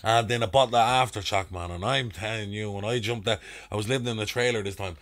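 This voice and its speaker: In a fast, lowish, slightly bright voice, a young man from Dublin, Ireland, recounts a drunken episode as a guest on a podcast. He acts out voices and leans on crude slang as he tells it casually.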